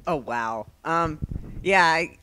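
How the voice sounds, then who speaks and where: A man's voice: on the high side, slow pace, very noisy. A man giving casual commentary on his fan series, laughing often and hesitant with many restarts. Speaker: creator and editor of fan series.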